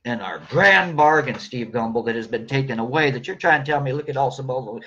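A man's voice: mid-range voice, a little fast, a bit bright. A middle-aged man in a heated, profane, rambling monologue rant as a vlogger. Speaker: vlogger, injured worker. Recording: dull lo-fi recording.

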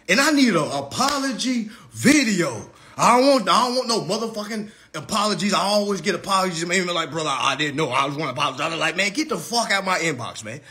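A man tears into a rival in a profane live-stream roast. His voice sits very high and bright, swinging wildly up and down as he mocks, repeats his jabs and swears freely. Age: 30s. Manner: heated, mocking, swearing freely, repeating lines for effect.

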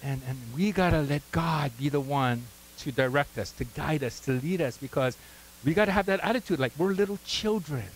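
A man's voice: on the high side, moderate pace, poor audio. A pastor preaching a sermon, conversational and full of "right?" asides, prompting his congregation to call out words.

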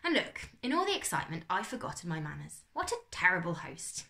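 A woman's voice: fairly low pitch, wildly swooping pitch, fairly quick, gravelly, sharp tone, exaggerated voice. A woman reading aloud and voicing a cheerful, fussy older uncle in a children's storybook, with a hearty, flustered manner. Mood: jovial.

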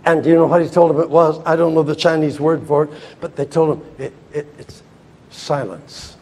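An older man preaching a sermon, telling stories with big swings from loud cries to hushed words. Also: fairly high pitch, level tone, fast, slight background noise. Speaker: evangelist.

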